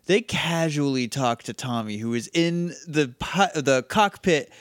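A man's voice: on the high side, a little slow, no room sound, clean studio sound. A young man co-hosting a podcast, chatting animatedly about a TV episode, laughing often and quoting characters. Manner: animated, laughs often, jumps into quoted voices. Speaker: podcast co-host. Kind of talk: casual chat recapping a TV episode.

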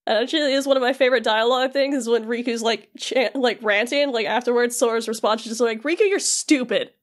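A woman's voice: on the high side, fairly even intonation. A young woman co-hosting a podcast, recapping a video game in loose, rambling chat full of fillers, briefly voicing the characters. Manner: rambling, filler-heavy storytelling with quick voiced asides. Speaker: podcast co-host.

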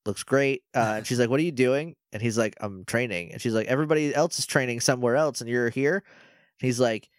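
A man co-hosting a podcast, casually recapping a TV episode, rambling and quoting characters in quick bits. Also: mid-range voice, no echo. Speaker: podcast co-host.

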